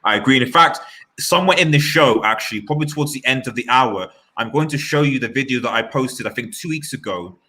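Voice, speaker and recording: A man hosting a live-stream football chat, talking in an animated, rambling way with many restarts. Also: mid-range voice, quick pace. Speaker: fan channel host.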